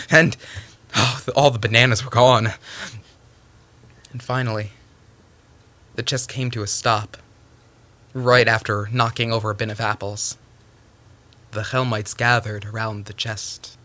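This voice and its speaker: Animated man telling a folktale. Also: on the low side, a little slow, pauses often. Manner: animated, stumbling restarts, sudden hushes. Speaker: storyteller.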